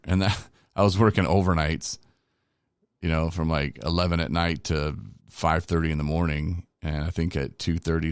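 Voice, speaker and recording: A man's voice: a bass voice, clear, resonant tone, no room sound, clean studio sound. A middle-aged man hosting a recovery podcast, telling his own story in a candid, rambling, self-deprecating way. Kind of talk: casual personal storytelling.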